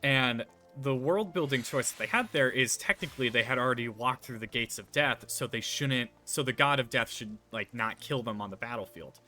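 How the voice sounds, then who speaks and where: A man's voice: mid-range voice, moderate pace, few pauses, bright, forceful tone, soft background music. A man streaming a game, chatting casually and rambling with many fillers. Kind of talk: casual gameplay chat.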